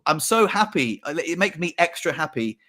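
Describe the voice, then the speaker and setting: Animated male podcast co-host. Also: normal speed. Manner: animated, acts out quotes with big pitch jumps; swears casually. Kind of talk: casual storytelling chat.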